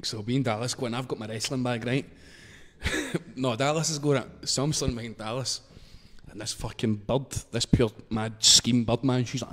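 A man's voice: mid-range voice, normal speed. A young Scottish man telling a story in casual chat, sweary and laughing as he goes. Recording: long reverb.

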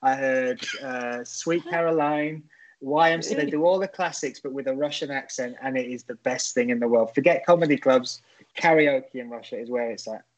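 A man's voice: medium pitch, moderate pace, dull audio. A man, a stand-up comedian, chatting as a podcast guest and rambling through stories with many restarts. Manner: rambling storyteller, frequent restarts. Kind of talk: casual podcast chat.

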